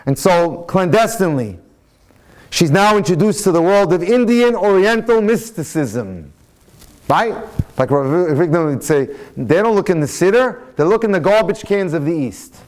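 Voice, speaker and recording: A man, a rabbi and lecturer, telling a story in a sermon with a dramatic, animated delivery and frequent restarts. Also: high voice, moderate pace.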